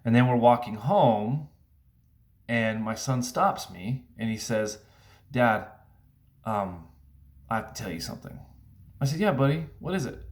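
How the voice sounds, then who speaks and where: A man in his thirties, a single father, talking earnestly in a casual vlog, halting and restarting often with fillers. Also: on the low side. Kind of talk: casual reflective vlog monologue.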